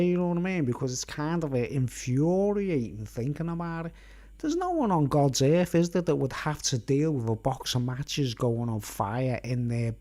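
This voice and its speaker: Man, live streamer, rambling, conversational, keeps asking "right?", mid pitch. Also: darkish tone. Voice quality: conversational, constantly checks in with "right?". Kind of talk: rambling casual storytelling.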